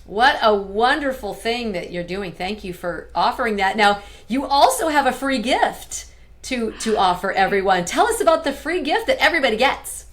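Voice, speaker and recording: A woman's voice: fairly high pitch, very animated, moderate pace. Woman, interview host, encouraging, affirming, video call. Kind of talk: casual interview.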